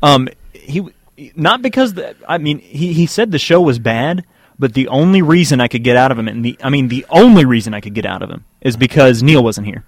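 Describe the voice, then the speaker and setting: A man's voice: medium pitch, expressive, brisk, slightly rough, no room sound. A man hosting a radio show from a studio, taking calls and explaining in a rambling way full of restarts. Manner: rambling, with many fillers and restarts. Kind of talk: casual radio banter.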